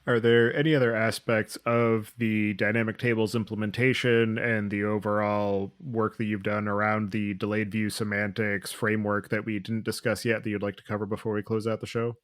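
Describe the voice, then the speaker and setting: A man hosting a tech interview podcast, asking long, measured questions. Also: on the low side, little pitch movement, dry recording, clean studio sound. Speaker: podcast host. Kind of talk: interview host.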